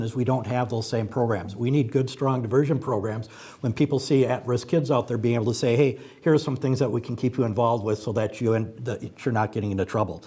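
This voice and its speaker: A man answering as a candidate at a forum, earnest and steady. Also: mid-range voice, breathy edge.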